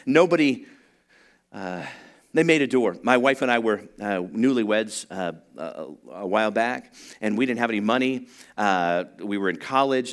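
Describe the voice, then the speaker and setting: A middle-aged man preaching a sermon, telling stories with frequent restarts and building to excited, louder passages. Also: mid-range voice. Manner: storytelling with rising excitement, many restarts. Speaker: pastor.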